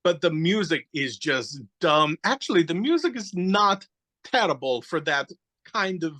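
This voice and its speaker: Bright-voiced man telling a rambling story. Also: a little high, unhurried, rough recording. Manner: rambling, animated storyteller who acts out quotes; searches aloud for names. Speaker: podcast guest. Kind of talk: casual chat.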